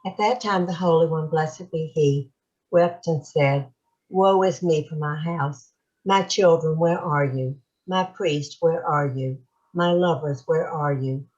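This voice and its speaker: A woman in a class reads a scripture text aloud in a measured, careful way. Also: deep voice, darkish tone, lo-fi sound. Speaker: class participant reading aloud.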